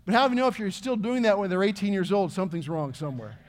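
A man's voice: high-pitched, sing-song, fast. A middle-aged man, preaching a sermon in an earnest, conversational way full of questions to the congregation. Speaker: pastor.

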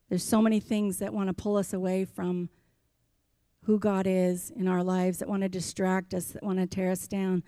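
A woman's voice: mid-range voice, warm tone, no room sound, studio quality. A woman pastor preaching a sermon in a church, impassioned and emphatic, driving her points home with repetition.

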